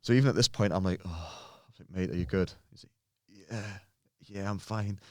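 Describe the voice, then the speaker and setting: A man in his thirties telling a lively gym story in casual chat, swearing freely and acting out what people said. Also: sits low, normal speed, no room sound, studio quality. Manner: animated, swears often, acts out quotes. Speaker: podcast guest, bodybuilder.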